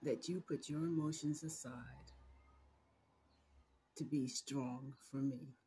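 A middle-aged woman giving a heartfelt video message to her adult son, holding back tears and speaking tenderly and haltingly, sometimes dropping to a whisper. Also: rumbling low, steady tone, dark tone, a little hiss or hum.

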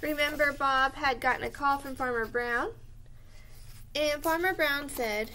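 Brief: woman teacher with a high voice, recorded lesson for young children, patient and clear. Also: sharp tone, slight background noise. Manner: slow, clear and encouraging, spelling out words as she writes.

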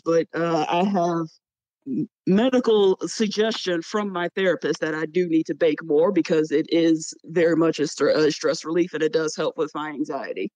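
A woman who is a chemist, answering interview questions about baking and cooking in a relaxed, open way with some hesitant fillers. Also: lowish voice, no room sound, highs cut off. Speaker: guest chemist and baker.

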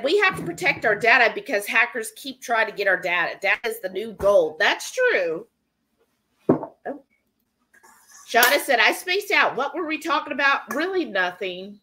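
A woman with a medium-pitched, pushed, bright voice hosts a live cooking stream from her home kitchen. She chats casually and rambles, reading viewer comments aloud and using lots of fillers.

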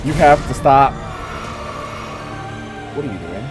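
A young man swearing and commentating his gameplay in exasperation, yelling in panic at a boss. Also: mid-range voice, expressive, slow pace. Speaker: gaming streamer. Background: game music.

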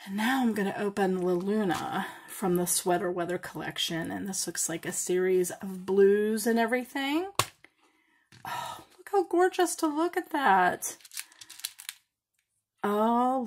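Breathy woman gushing over beads. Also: mid-range voice, a little slow. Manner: gushing, excited exclamations, drops to whispers. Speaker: craft vlogger. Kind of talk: bead unboxing vlog.

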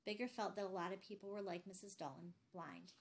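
Woman reading a novel aloud, steady and measured. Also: medium pitch. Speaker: audiobook reader. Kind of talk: novel narration.

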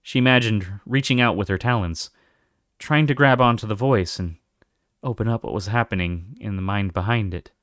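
A man narrating a fantasy novel aloud with expressive storytelling. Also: on the low side, moderate pace, no room sound, clean studio sound. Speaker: audiobook reader.

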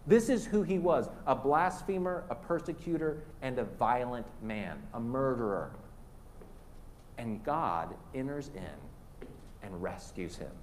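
A man's voice: medium pitch, lively intonation, slow pace, a little hiss or hum. A man preaching a church sermon in an earnest way, sometimes dropping to a near whisper for emphasis. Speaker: pastor. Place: church sanctuary.

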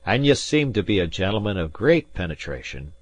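A man voicing a proud, fiery Jacobite gentleman in an audiobook, speaking forthrightly with a raised voice. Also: sits low, sing-song, brisk, no echo, dull audio. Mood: wry.

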